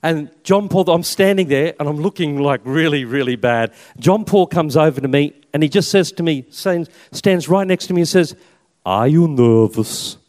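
An Australian man in his fifties, a Catholic priest, tells his life story to an audience with a chatty, self-mocking warmth. His voice sits somewhat high for a man. A long hall reverb trails his words. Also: moderate pace, few pauses. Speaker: Catholic priest and army chaplain. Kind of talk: personal testimony talk with slides.

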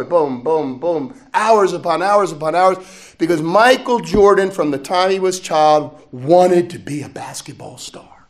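A man from the States, preaching a sermon in a lively call-and-response manner and chuckling often. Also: on the high side. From Southern United States.

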